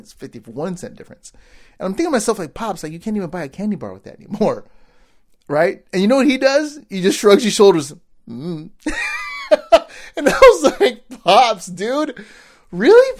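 Animated man, lively pitch. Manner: animated, says "dude" and "right?" often. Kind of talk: casual storytelling to camera.

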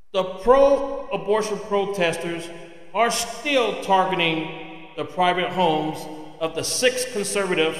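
Alone on his opinion podcast, this host sounds high and a touch bright as he fires rhetorical questions in an indignant rant. Long reverb fills the echoey room he records in.

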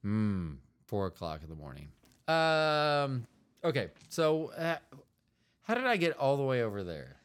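A man from the United States co-hosting a relaxed couple's podcast. His voice is smooth and resonant, and his pitch rises and falls with a lively, animated bounce. He rambles freely, restarting and trailing off mid-thought. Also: a little slow. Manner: rambling, meandering, trails off often. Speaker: podcast co-host. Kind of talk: casual chat.

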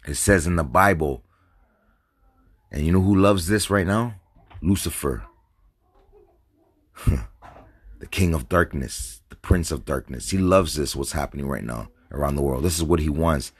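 Drinking and smoking as he talks, a North American vlogger rants to his viewers, agitated, profane and repetitive in a rambling stream of consciousness to camera. His very deep, husky voice is unhurried, with long pauses. The recording is dry.

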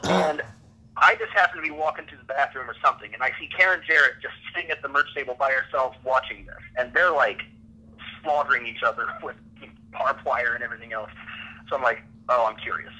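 A man's voice: mid-range voice, a little fast, sharp tone, poor audio. A man casually telling a rambling backstage story on a podcast, often laughing between lines.

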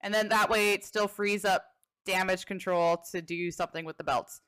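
Bright-voiced woman chatting about wrestling. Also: medium pitch, steady tone, moderate pace, clear, resonant tone. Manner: chatty, playful, jokes about her own predictions. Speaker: podcast co-host. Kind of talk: casual wrestling chat.

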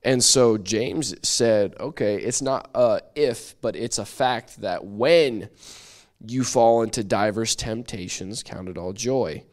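A man teaching a church Bible study, conversational and lively, acting out little quoted voices as he explains. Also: on the low side, takes it slowly.

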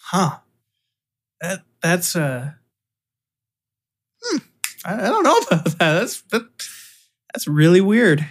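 A man's voice: high voice, wildly swooping pitch, slow pace, long pauses. A man co-hosting a casual podcast, chatting about gigs with hesitant, dry asides.

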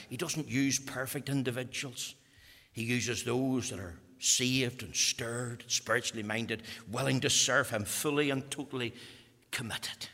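A man preaches with fervour, his bright, sharp voice ringing through a reverberant hall. He drops to near-whispers, then rises into loud, high-pitched appeals. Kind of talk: fiery evangelical sermon. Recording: echoey hall.

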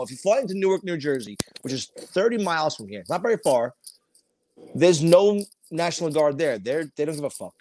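A male podcast co-host tells rambling stories in casual chat, swearing heavily throughout. His voice is fairly high and a little mellow, with a slight hiss or hum in the recording.

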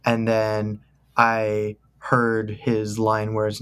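A man's voice: lowish voice, monotone, takes it slowly, fairly bright tone, smooth. A young man co-hosting a podcast, talking casually in a joking, rambling, enthusiastic way. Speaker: podcast co-host. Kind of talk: casual chat.

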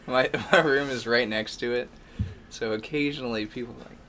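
A man as a guest in a casual chat, relaxed and laughing often. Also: medium pitch, normal speed, very noisy.

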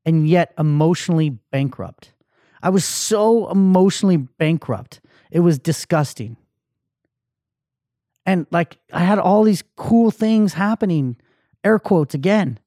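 A male podcast host tells a personal story in a candid, emotional monologue, swearing freely and stumbling through restarts. His voice sits a bit high for a man, and the recording is close and dry with no room sound. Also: normal speed, a little mellow, no echo. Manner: candid, emotional, profane, many fillers and restarts.

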